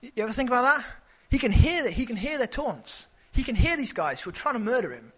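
Lively, bright-voiced preacher. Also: male voice, very high-pitched, quick pace, breathy edge, rough recording. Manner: conversational and animated, with sudden shouted character voices. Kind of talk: sermon.

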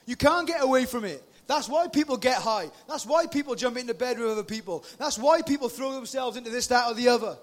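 A man in his forties giving an informal, lively youth sermon into a PA microphone in a meeting hall, sometimes breaking into shouts. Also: very high voice, a little fast, few pauses. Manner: chatty, lively, bursts into shouting. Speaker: youth speaker.

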